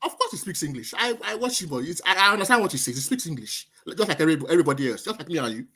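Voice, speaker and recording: A man's voice: on the high side, big pitch swings, racing, pushed and bright, breathy edge. A man, calling in to a discussion and arguing with many stammered restarts. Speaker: caller. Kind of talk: casual debate.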